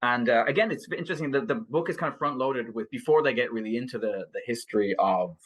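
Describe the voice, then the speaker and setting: A man's voice: mid-range voice, fast talker. Chuckling male podcast co-host. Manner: chuckling, many fillers and restarts. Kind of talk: casual chat.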